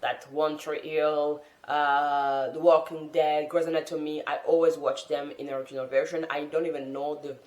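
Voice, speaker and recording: A woman's voice: low-pitched, little pitch movement, normal speed, few pauses, darkish tone. Earnest French woman in a roomy echo. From France. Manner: earnest, thoughtful, encouraging. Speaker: language-learning vlogger. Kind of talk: casual talk to camera.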